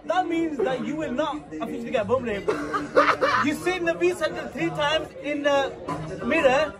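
A man's voice: extremely high pitch, normal speed. A young man at a party, joking in a playful, mock-dramatic way. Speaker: party guest. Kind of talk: joking hype. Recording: loud party with music and crowd.

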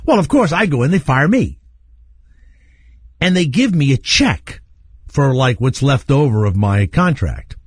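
A man hosting a talk radio show, rambling through candid stories and laughing at his own dark jokes. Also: medium pitch, breathy edge. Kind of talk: storytelling talk radio chat. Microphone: studio microphone.

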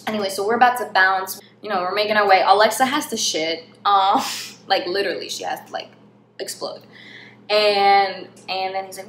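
A young woman from New York telling a funny travel story in a casual, animated way, laughing often and saying "like" a lot. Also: mid-range voice, moderate pace. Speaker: vlog host. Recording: echoey room with faint hiss.

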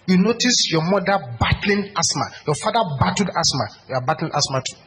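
Male preacher, higher register, punchy and repetitive delivery, faint noise behind. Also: low-quality recording. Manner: emphatic, repetitive, rises to shouted prayer. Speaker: pastor. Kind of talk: sermon.

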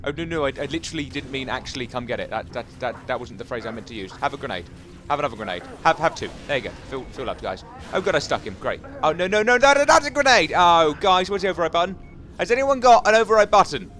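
An excitable man narrates his own gameplay, joking with viewers and shouting at the enemies on screen. His voice swings widely in pitch and sits a little high. A faint noise hums underneath. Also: quick pace. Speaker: gaming YouTuber. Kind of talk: casual Let's Play commentary.

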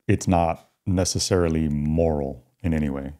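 Deep-voiced man co-hosting a talk show. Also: quick pace, a little mellow. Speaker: podcast co-host. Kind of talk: casual commentary.

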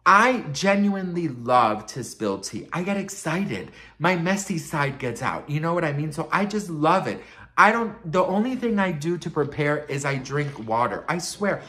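A man's voice: on the high side, expressive, moderate pace, pushed and bright. Sassy, dramatic gossip-chatting man. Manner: sassy and dramatic, calling viewers "best friend" and "girl"; swears freely and overshares. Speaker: gossip vlogger. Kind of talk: animated celebrity gossip chat.

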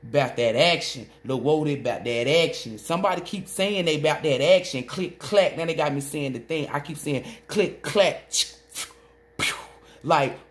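A woman giving a solo tarot reading, rambling excitedly and swearing as she relays messages she says come from a spirit. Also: low-pitched, moderate pace. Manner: swoops between loud outbursts and muttering. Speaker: tarot reader.

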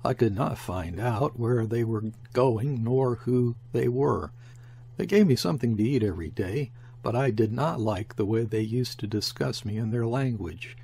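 Gravelly-voiced man reading an audiobook. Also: medium pitch, lively intonation, warm tone. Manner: measured storytelling. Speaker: audiobook narrator. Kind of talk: scripted narration.

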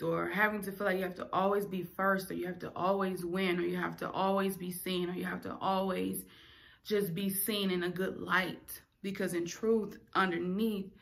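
A woman's voice: medium pitch, gravelly, fairly bright tone. A young adult woman, a singer and vlogger, telling a candid, emotional personal story straight to her viewers.

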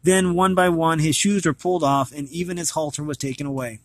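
A man's voice: on the high side, fairly even intonation, a little fast, dry recording. A man reading a storybook aloud who often stumbles and corrects himself mid-sentence. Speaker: storybook reader.

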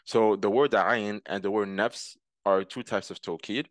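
Guy with a lower voice teaching grammar, repeats and translates stuff, dry close mic. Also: fairly even intonation, unhurried, no echo. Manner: patient, repeats terms and translates each example. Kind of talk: explaining grammar with examples.

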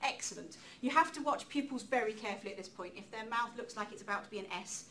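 A woman giving a public talk in a lecture room, lively and chatty, with self-deprecating asides. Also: on the high side, fast talker. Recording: distant mic with faint room noise.

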